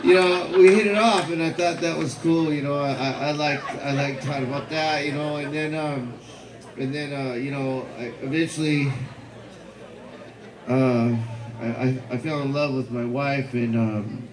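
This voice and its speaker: A man's voice: medium pitch, steady tone, unhurried, crowd noise. Hesitant man giving a eulogy in an echoey hall. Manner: hesitant, many fillers and repeated words. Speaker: memorial speaker. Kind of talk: halting personal eulogy.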